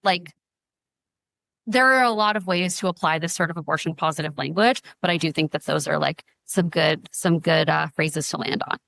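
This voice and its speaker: A young woman talking on a podcast in a casual, earnest way, with plenty of fillers. Her voice sits low for a woman. The sound is dry and close. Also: moderate pace, creaky, fairly bright tone, no echo. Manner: earnest, uses many fillers like "like" and "um". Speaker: guest, advocacy founder.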